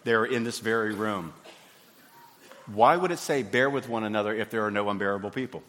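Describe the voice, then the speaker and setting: A man, preaching a sermon in a folksy, animated way. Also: lowish voice, fairly quick. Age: 50s. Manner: folksy, animated, acts out little scenes. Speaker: pastor. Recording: hall reverb.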